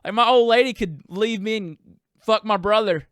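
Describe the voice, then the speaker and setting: A man's voice: high-pitched, normal speed, a bit bright, clear, resonant tone, dry recording, clean studio sound. A young man hosting a podcast, talking in a profane, rambling, self-deprecating way. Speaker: podcast host. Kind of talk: casual comedic monologue.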